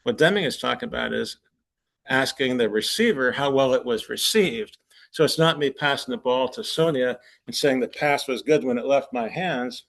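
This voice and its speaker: A man's voice: medium pitch, moderate pace, gravelly, fairly bright tone. A man presenting at a forum, telling anecdotes in a loose conversational way, chuckling at his own punchlines. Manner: conversational with restarts. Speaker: conference presenter. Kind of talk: anecdotal lecture.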